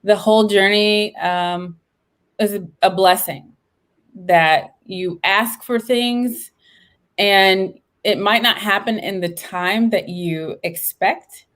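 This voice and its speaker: Animated woman in her late thirties. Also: medium pitch, slow pace. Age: 30s. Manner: animated, expressive, upbeat. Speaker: guest, veteran and entrepreneur. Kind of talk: casual interview chat.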